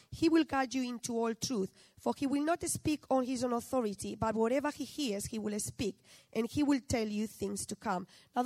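A woman's voice: fairly high pitch, darkish tone, dry recording, low-quality recording. A middle-aged woman preaching a sermon in a conversational way, often asking her listeners questions.

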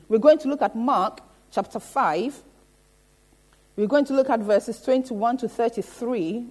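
A woman preaching a sermon in a church, often pausing to ask the congregation "Amen?" and building her points through repetition. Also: fairly high pitch, a little mellow. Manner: rhetorical, repeats "Amen?" to the congregation.

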